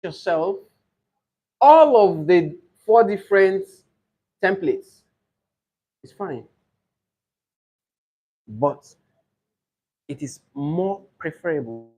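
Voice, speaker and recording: A man coaches students for an English speaking exam. His voice sits a touch high, and he explains slowly, saying each model answer aloud several times. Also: expressive, warm tone, dull audio. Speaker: IELTS tutor. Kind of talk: teaching English exam preparation.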